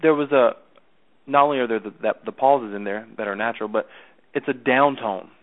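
Over a tinny phone line, a male sales coach with a medium-pitched, brisk voice guides someone in a chatty way. He repeats himself often and keeps checking that he's understood.

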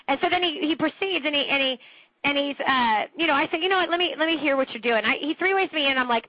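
A sales trainer with a high-sitting voice talks fast and emphatically while coaching listeners on a group call, giving a motivational training talk and slipping into mocking impressions. The recording is muffled, with no room sound.

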